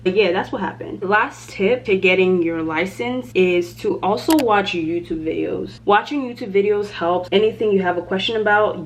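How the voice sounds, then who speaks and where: A young woman from Nigeria chatting casually through a get-ready-with-me storytime, animated and talkative while she does her makeup at home. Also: lowish voice, slight background noise. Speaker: beauty vlogger.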